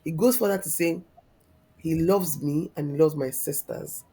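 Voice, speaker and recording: Low-voiced woman, heartfelt. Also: moderate pace, mellow. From Nigeria. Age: 30s. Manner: heartfelt, reflective, openly emotional. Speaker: guest. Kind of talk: candid personal storytelling.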